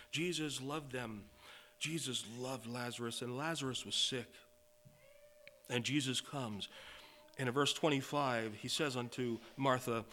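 A man preaching a sermon, quoting scripture and swelling from quiet remarks to loud, emphatic declarations. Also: mid-range voice, a little hiss or hum. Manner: reads and quotes scripture in old-fashioned wording.

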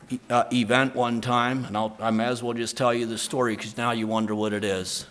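A male pastor giving an emphatic sermon with a bright, ringing voice. His pitch sits in an ordinary middle range. He swings from soft, earnest talk to loud, stressed lines as he tells a personal story. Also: level tone, a little fast, hardly any pauses.

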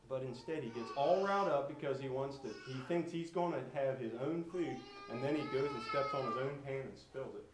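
A man's voice: medium pitch, fairly quick, hardly any pauses, reverberant, far from the mic, noisy background. Man telling children a folksy animal story. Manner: asks the listeners questions and imitates animal sounds. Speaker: storyteller teaching children a lesson.

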